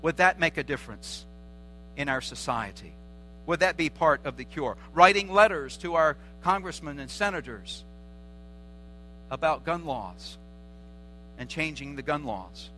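A man's voice: fairly high pitch, animated, measured pace, long pauses, sharp tone, a little hiss or hum, rough recording. A man preaching a sermon as a pastor, earnest, driving his points home with repeated short exhortations.

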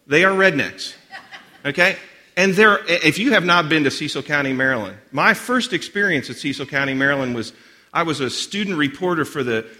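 A man's voice: on the high side, pushed and bright. A man in his forties giving a sermon with personal stories, chatty and self-deprecating, full of asides and restarts. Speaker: guest speaker.

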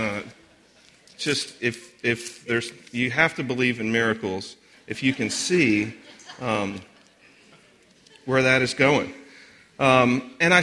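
A man's voice: medium pitch, bright, forceful tone. Chatty, self-deprecating man preaching. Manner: chatty, self-deprecating, with many restarts and asides. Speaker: guest speaker. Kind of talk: sermon with personal stories.

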